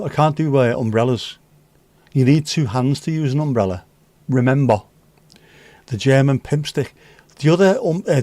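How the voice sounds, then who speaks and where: A man's voice: mid-range voice, darkish tone, dry recording. A man hosting a livestream, rambling through jokey, sweary anecdotes in casual chat. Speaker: livestream host.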